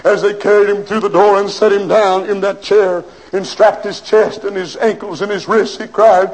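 Male preacher, fairly high voice, dramatic sermon storyteller. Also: steady tone, moderate pace, hardly any pauses, poor audio. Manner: dramatic storytelling, urgent appeals.

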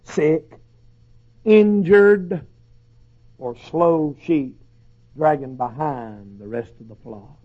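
A hoarse male preacher, shouting through a fiery sermon. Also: on the high side, extremely slow, long pauses. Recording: dull lo-fi recording.

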